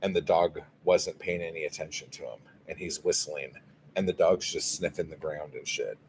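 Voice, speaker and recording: A man's voice: a bass voice, steady tone, normal speed, darkish tone, a little hiss or hum. A man hosting a casual livestream, telling a story in a profane, exasperated way. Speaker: livestream host. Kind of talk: casual livestream chat, reading viewer comments.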